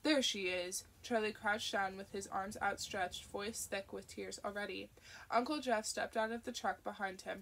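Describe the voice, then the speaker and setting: Gravelly woman reading an audiobook. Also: mid-range voice, a bit bright. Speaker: audiobook narrator.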